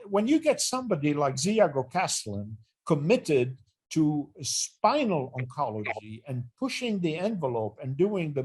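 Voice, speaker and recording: An older man talks through his career in a fairly high voice, speaking earnestly. He often restarts a phrase as he gathers his memory, and his tone stays reflective throughout the interview. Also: darkish tone, slightly rough. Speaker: retired neurosurgery department chair, interview guest.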